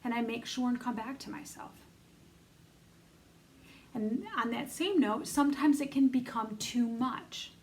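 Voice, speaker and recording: A woman's voice: fairly high pitch, a little slow, long pauses, a little mellow, poor audio. A middle-aged woman giving an earnest, encouraging self-help coaching talk, speaking straight to her listeners. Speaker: self-love coach leading an online bootcamp.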